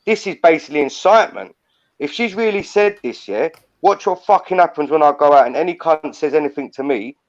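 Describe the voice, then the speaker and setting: A man's voice: on the high side, lively intonation, fairly quick. An older man, ranting heatedly and swearing a lot on a live stream. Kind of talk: angry ranting live chat. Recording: muffled lo-fi stream audio.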